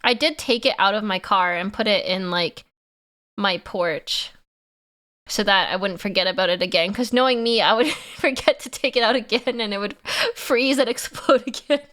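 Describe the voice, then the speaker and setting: A woman's voice: medium pitch, moderate pace, a bit bright. A woman chatting casually on a livestream, laughing often and answering her chat. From Canada.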